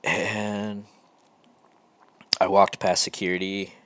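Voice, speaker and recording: A man hosting his own show, telling a personal story in a slow, halting and reflective way with frequent pauses. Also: low-pitched, a bit bright, no room sound. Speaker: podcast host.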